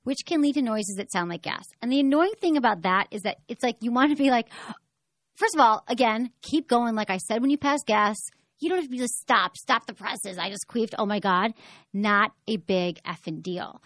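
A woman's voice: fairly high pitch, a little fast, no room sound, studio quality. Frank, chatty woman hosting a sex-advice show. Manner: frank, chatty, animated, acts out voices. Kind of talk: casual radio-style chat.

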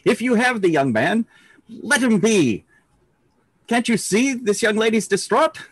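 A man's voice: mid-range voice, normal speed, a bit bright, no echo, lightly acted. A man playing a wary adventurer with short swords. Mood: pleading. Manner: cautious, hanging back behind an ally.

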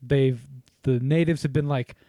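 A man's voice: medium pitch, fairly even intonation, unhurried, warm tone, dry recording. A man hosting a casual podcast, telling history with jokes, swearing and frequent laughter. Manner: joking, swears, laughs often. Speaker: podcast host.

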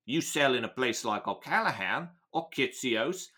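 A man's voice: medium pitch, lively intonation, moderate pace, bright, forceful tone. An American man putting on a gang boss with a shaky London accent. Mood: menacing. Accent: put-on London, wobbly.

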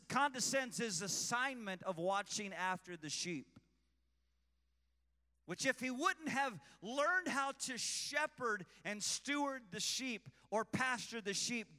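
Man, preacher, passionate sermon, bright voice, shouts and hushed asides, long hall reverb. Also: high-pitched.

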